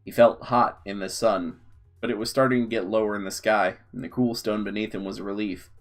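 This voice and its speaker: A man with a low voice reads a long story aloud, steady and unhurried. Faint guitar music sits quietly beneath his narration.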